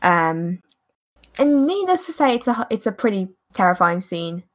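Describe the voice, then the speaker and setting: A woman's voice: mid-range voice, very animated, a little slow. A woman narrating a tabletop game as game master, in a casual, rambling way with frequent hesitations.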